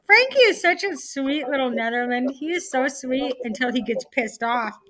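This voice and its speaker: Tipsy woman, high and bouncy voice, rowdy and profane, calling in over a video chat with voices behind. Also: lively intonation, a crowd in the background. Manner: loud, giddy and swearing, drawn-out declarations. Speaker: panel guest. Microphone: video call.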